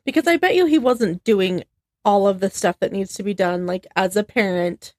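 A woman co-hosting a podcast, chatting casually and reacting with quick comments to her co-host's story. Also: mid-range voice, a little mellow, no echo. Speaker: podcast co-host.

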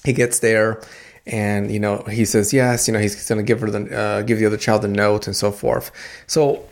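A man's voice: on the low side, level tone, moderate pace, gravelly. A man in his thirties hosting a podcast, telling a story in a casual, chatty way with lots of fillers and restarts. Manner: chatty, many fillers and restarts, laughs at himself. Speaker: podcast host.

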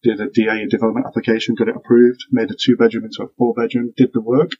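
A man from Manchester with a northern English accent, a guest on a podcast who explains things in a relaxed way. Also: mid-range voice, fast talker, lo-fi sound, a little hiss or hum. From Manchester, northern England. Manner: relaxed, explains in strings of questions. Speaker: guest, property developer. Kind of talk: casual interview chat.

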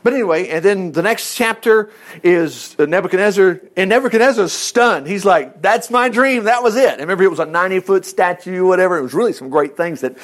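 High-voiced man teaching the Bible casually. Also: brisk. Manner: rambling, laughs often, acts out quotes. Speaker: preacher.

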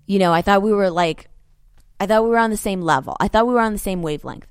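A woman's voice: medium pitch, fast, clear, resonant tone, no echo, clean studio sound. A woman co-hosting a ministry talk, speaking casually and with energy, urging listeners on and repeating phrases for emphasis. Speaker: ministry co-host. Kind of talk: casual motivational faith talk.

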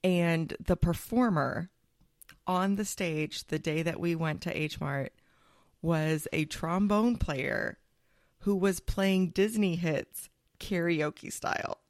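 Playful low-voiced woman podcast host. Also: slow pace, no room sound, studio quality. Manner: playful, jokey storyteller. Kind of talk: casual chat.

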